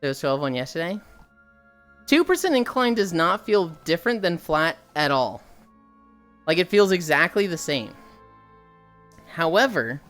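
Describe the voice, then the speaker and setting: A young woman streaming while she walks on a treadmill, telling a story in a casual, animated way with swearing, sounding a little tired. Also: lowish voice, a little slow, pauses often, faint music behind. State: slightly tired from walking.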